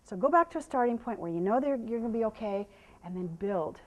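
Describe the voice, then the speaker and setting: A woman horse trainer giving a live demonstration, explaining to viewers and softly praising the horse, sometimes dropping to a hush. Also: fairly high pitch, fast. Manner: drops to a hushed whisper when calming the horse.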